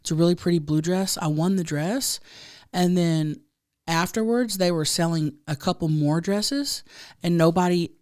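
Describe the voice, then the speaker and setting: A loud woman in her thirties with a slightly low voice, telling a story in casual podcast chat. She drops into quick impressions of the people she quotes. The sound is dry and close, with no room around it. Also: no room sound. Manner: storytelling, quoting others in put-on voices. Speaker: podcast co-host.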